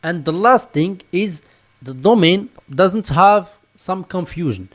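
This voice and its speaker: Man, screen tutorial walkthrough, slightly high voice, repeats examples. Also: animated, takes it slowly. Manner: explanatory, repeats "for example" and "just like this". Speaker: online tutorial instructor.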